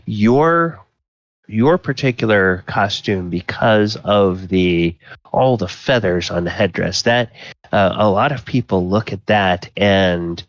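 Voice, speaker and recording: A man running a tabletop game as dungeon master, narrating slowly with many ums and uhs. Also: fairly low pitch, dry recording, dull audio. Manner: slow, filler-heavy descriptive narration.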